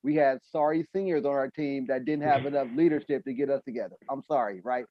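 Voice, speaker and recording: A man's voice: medium pitch, fast, highs cut off. A man hosting a podcast, telling sports stories in loose, profane casual chat full of restarts and asides. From United States. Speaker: podcast host.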